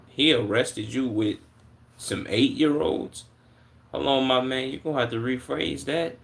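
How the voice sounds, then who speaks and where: A man's voice: medium pitch, a little slow, vocal fry, a bit bright. A man in his twenties from Chicago, reacting casually on a live stream in a slangy way, often incredulous and stuttering over his words. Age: 20s.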